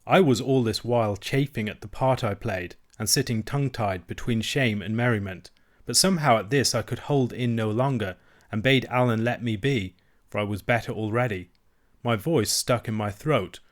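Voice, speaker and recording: Male audiobook narrator, steady and measured, middle pitch. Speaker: audiobook reader. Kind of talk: scripted narration.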